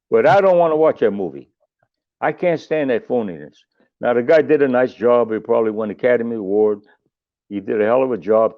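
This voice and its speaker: Over a dry, tinny phone connection, an older man, a musician appearing on a podcast, rambles through casual stories, salty remarks and restarts included. He speaks at a medium pitch.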